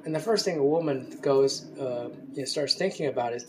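A man giving an unscripted talk, halting often with fillers and restarts. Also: mid-range voice, slight background noise. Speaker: speaker giving a talk on gender. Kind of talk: unscripted lecture.

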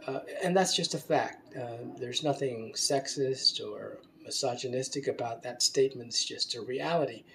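A man giving an unscripted talk, halting often with fillers and restarts. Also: medium pitch, gravelly, a bit bright, a little hiss or hum. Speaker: speaker giving a talk on gender. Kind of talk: unscripted lecture.

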